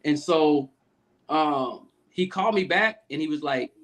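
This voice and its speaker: Guesting on a podcast, a Navy command master chief tells a loose, profane story in a casual interview, acting out the people he quotes. His voice is fairly high-pitched and a bit bright, and he speaks a little slowly.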